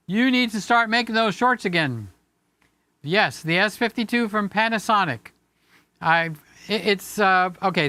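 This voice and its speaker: A man's voice: high-pitched, pushed and bright, no echo. A man hosting a casual live stream from a home studio room, rambling, joking and affectionate with his viewers.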